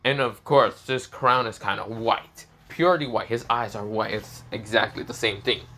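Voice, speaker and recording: This man's throat is sore and he coughs as he makes up a fan story on the spot. His lowish voice moves at normal speed and comes across bright and forward, while he rambles, restarts sentences, and repeats "this is where, well."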